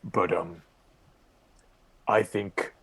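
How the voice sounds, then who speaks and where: A man playing in a tabletop game, speaking hesitantly and often trailing off in a hushed tone. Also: low-pitched, steady tone, very slow, husky, rough recording. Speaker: player. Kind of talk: in-character tabletop roleplay.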